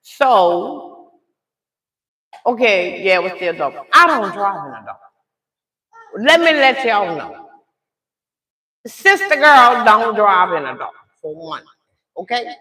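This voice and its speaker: Speaking slowly with long pauses in a medium-pitched voice, a middle-aged woman retells a family story on a livestream in a dramatic, animated fashion. She alternates loud outbursts with hushed asides and often asks viewers "okay?" during the casual storytime, which is recorded in an echoey room.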